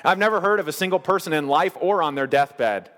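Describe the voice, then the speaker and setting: A man preaching a sermon as pastor, earnest, slowing down on the key phrases. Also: on the high side, a bit bright, long reverb tail.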